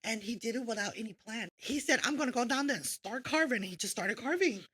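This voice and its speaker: A woman's voice: on the high side, animated, fast talker, fairly bright tone, husky, no echo, rough recording. A woman podcast host from Fresno, chatting casually and reading out local history notes, laughing and tripping over names. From Fresno, California.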